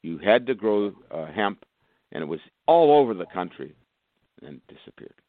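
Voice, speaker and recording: A man, a doctor, speaking as a guest in a radio interview, rambling through long lists with sudden jumps in pitch. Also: sing-song, moderate pace, no room sound. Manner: rambling, lists conditions, bursts of higher pitch. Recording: phone-like narrow band, dry.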